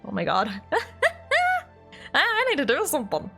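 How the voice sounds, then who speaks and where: A woman's voice: on the high side, wildly swooping pitch, moderate pace, vocal fry, fairly bright tone. A young woman streaming a game, chatting in a giggly, playful way and greeting her viewers. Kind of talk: casual live-stream chat. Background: game music.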